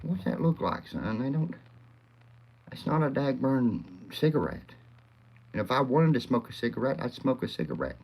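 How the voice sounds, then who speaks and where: A man's voice: medium pitch, big pitch swings, moderate pace, a little mellow. A man hosting a rambling, profane live chat, often laughing and calling out viewers by name. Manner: crude, profane, rowdy, laughs a lot. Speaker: livestream host.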